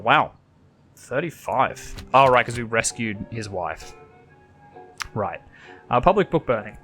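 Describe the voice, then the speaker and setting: A man's voice: mid-range voice, lively intonation, measured pace, bright, forceful tone, soft background music. A man playing a story game, reading its text aloud and adding casual, offhand comments. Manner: casual, offhand, muttering asides. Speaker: gamer.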